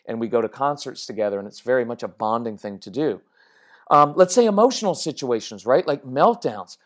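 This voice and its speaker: A woman's voice: very deep voice, lively intonation, brisk. Middle-aged woman giving parenting advice, chatty and emphatic, keeps checking in with her listeners. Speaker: parenting coach. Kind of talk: direct-to-camera parenting talk.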